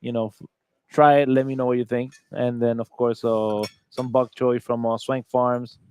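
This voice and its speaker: A man, a restaurant chef, describing his dishes in a halting way with lots of fillers and repeated yeses. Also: mid-range voice, level tone, a little mellow, slight background noise. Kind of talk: casual chat describing dishes.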